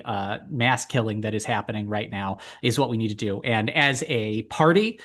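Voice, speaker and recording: A man's voice: medium pitch, a bit bright. A man giving a candidate's closing statement over a video call, direct and impassioned, with plain-spoken jokes. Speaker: political candidate.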